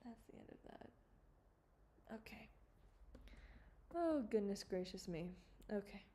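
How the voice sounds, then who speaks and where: Her voice is medium in pitch, animated, and dark, with a measured pace and a little hiss or hum in the audio. She's an animator livestreaming her work from a home studio computer, chatting casually, rambling, giggling, and cursing freely.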